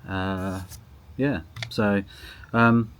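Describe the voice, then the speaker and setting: A man's voice: on the low side, fairly even intonation, drawn-out words, clear, resonant tone. A man chatting casually to camera outdoors in a garden, rambling with lots of ums and restarts, recorded on a small camera's built-in mic. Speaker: photography vlogger. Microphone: built-in mic of a small gimbal camera on a tripod.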